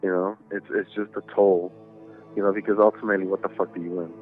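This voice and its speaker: A man's voice: low-pitched, flat delivery, fast, soft background music. A man telling a ghost story as a podcast guest, rambling and swearing with lots of fillers, over a tinny phone-like line. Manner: rambling, profane, many fillers. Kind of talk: casual storytelling.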